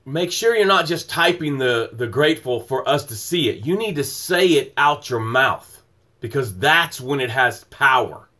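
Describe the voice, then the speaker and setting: A middle-aged man hosts a morning motivational livestream. He builds his points through emphatic, repetitive phrasing in a preaching rhythm. His voice sits at an ordinary mid pitch. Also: expressive, moderate pace, sharp tone. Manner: greets viewers by name mid-flow.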